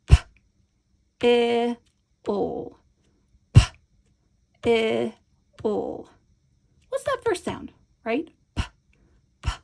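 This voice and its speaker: Patient woman teacher, gravelly voice. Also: on the high side, a little mellow. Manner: encouraging, patient, checks in with "right?". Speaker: Montessori teacher. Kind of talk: instructional demonstration.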